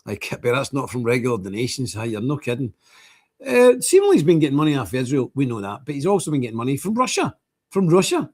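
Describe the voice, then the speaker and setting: A man's voice: medium pitch, very animated, fast, darkish tone. A man in his sixties with a Northern Irish accent, hosting a livestream in a rambling monologue that keeps repeating phrases. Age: 60s. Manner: rambling and repetitive, restating phrases. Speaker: livestream host.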